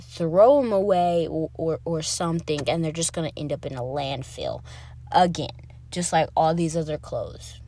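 A woman's voice: fairly high pitch, dry recording. A young woman hosting her own podcast, chatting casually and rambling from one topic to the next. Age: young adult. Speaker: podcast host.

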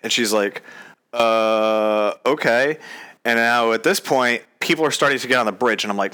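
A man's voice: mid-range voice, moderate pace, bright, forceful tone, clean tone. A young man casually telling a story, swearing freely and acting out both sides of a past conversation. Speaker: storyteller recounting his proposal.

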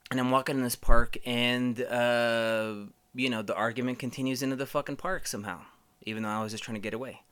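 A man's voice: mid-range voice, steady tone, a little fast, a bit bright, clean tone. A man hosting a podcast, telling rambling stories casually, swearing a lot and using many fillers. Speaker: podcast host. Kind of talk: casual storytelling.

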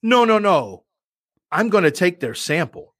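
A man hosting a podcast, telling a story in an animated, profane, self-mocking way. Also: sits high, unhurried, no echo, clean studio sound. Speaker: podcast and radio host. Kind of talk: casual chat, storytelling.

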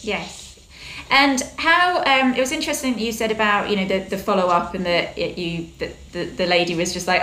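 A woman's voice: medium pitch, animated, moderate pace, pushed and bright. A woman hosting a podcast interview, friendly, asking questions and laughing along. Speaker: podcast host. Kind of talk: casual interview talk. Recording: echoey room with faint background noise.

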